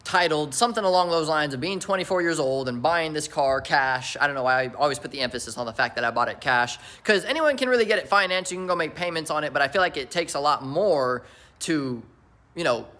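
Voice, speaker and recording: A man's voice: a little high, expressive, fast talker, sharp tone. A man in his twenties hosting a casual home vlog, rambling and joking as he drifts off on tangents. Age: 20s. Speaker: vlogger host. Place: at home near his garage.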